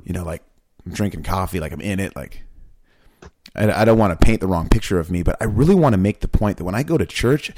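A man co-hosting a casual talk about faith, talking in animated, rambling bursts with many restarts. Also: deep voice, fast talker, slight background noise. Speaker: podcast co-host.

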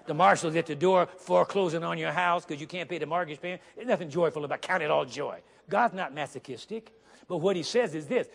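A man preaching a sermon to a congregation, emphatic, repeating key phrases and slowly reading scripture aloud while asking the listeners questions. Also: a little high, vocal fry, fairly bright tone. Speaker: guest preacher. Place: church sanctuary. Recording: long hall reverb.

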